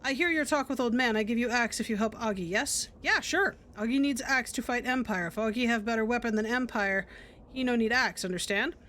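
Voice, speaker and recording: A woman voicing a male warrior in a game who talks in halting, broken sentences. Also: a little high, a bit bright, slight background noise, close to an everyday voice. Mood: earnest. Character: simple-speaking male tribal warrior.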